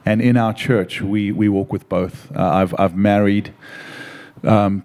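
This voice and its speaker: A man speaking as a pastor on a church panel, answering in a slow, measured way with frequent pauses. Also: deep voice, warm tone.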